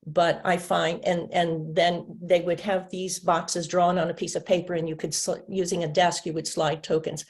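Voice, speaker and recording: A woman's voice: lowish voice, flat delivery, normal speed, hardly any pauses. A woman training teachers in a webinar, patiently stretching out and tapping individual speech sounds, sometimes answering as her own student. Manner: plays both teacher and student in demonstrations. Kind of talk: instructional webinar demonstration.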